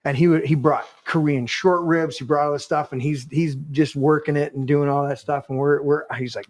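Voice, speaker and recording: A man's voice: fairly high pitch, fairly even intonation, moderate pace, few pauses. Rambling man telling a casual story. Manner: rambling storyteller, many restarts. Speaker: podcast host. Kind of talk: casual chat.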